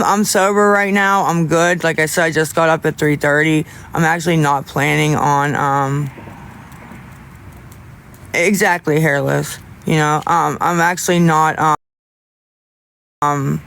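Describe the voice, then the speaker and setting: Rambling young man, halting, slightly high. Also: vocal fry, fairly bright tone, a little hiss or hum. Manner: rambling, halting, with many restarts. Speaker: livestreamer. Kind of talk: casual livestream chat with viewers.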